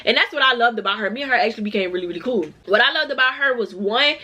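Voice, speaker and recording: A woman in her twenties telling a personal story in a casual, animated vlog, acting out the other people in it. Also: fairly high pitch, racing. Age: 20s. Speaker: vlogger.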